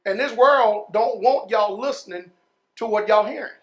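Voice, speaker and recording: High-voiced preacher swinging from shouts to murmurs. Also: male voice. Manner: preaching with sudden shouts and drawn-out words; folksy, calls the congregation y'all and man. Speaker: pastor. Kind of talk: sermon.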